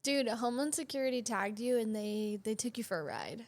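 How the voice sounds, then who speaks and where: A woman co-hosting a podcast in casual chat, slangy and teasing with quick interjections. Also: on the high side. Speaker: podcast co-host.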